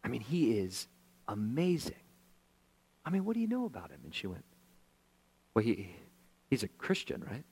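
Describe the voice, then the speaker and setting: A man's voice: mid-range voice, wildly swooping pitch, moderate pace, gravelly, pauses often, darkish tone, breathy edge, low-quality recording. A male pastor telling a story in a sermon, acting out the voices of the people in it.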